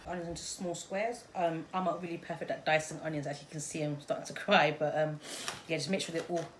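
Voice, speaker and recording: Young female vlogger with a low voice, relaxed and self-deprecating while cooking; kitchen noise behind her. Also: fast talker. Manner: chatty, self-deprecating, with fillers and laughs. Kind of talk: casual cooking demonstration. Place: home kitchen. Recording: noisy kitchen recording.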